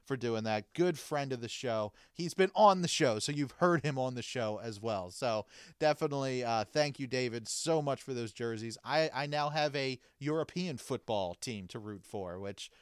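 A man's voice: medium pitch, animated, moderate pace, clear, resonant tone, no room sound, studio quality. A man hosting a podcast, chatting casually and reading off plugs and thank-yous in an upbeat way. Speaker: podcast host. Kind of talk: casual chat and show outro.

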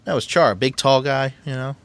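A man's voice: medium pitch, brisk, fairly bright tone, no echo. A man co-hosting a podcast in casual chat, giving blunt opinions. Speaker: podcast co-host.

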